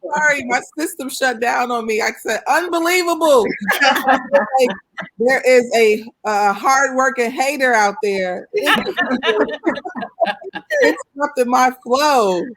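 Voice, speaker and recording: A woman hosting a casual panel talk, telling lively stories and acting out dialogue with sudden jumps in pitch. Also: takes it slowly. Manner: animated storytelling, acts out dialogue with big pitch jumps. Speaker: host. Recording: remote call audio.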